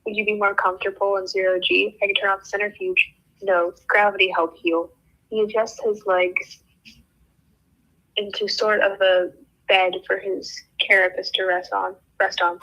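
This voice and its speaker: A woman's voice: medium pitch, bright, forceful tone, dull audio. A woman hosting a book club, reading a novel aloud in the first person and breaking off now and then to laugh.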